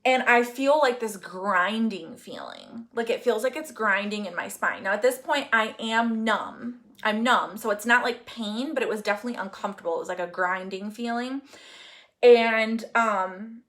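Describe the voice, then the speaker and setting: A young woman with a fairly high, animated, slightly bright voice speaks at normal speed while hosting a live Q&A stream. She casually tells a long personal story, full of fillers and asides to her viewers.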